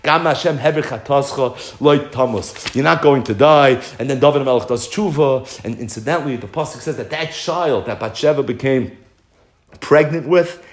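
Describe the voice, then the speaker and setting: Animated male Torah teacher, echoey room. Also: medium pitch, normal speed. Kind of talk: animated storytelling Torah class.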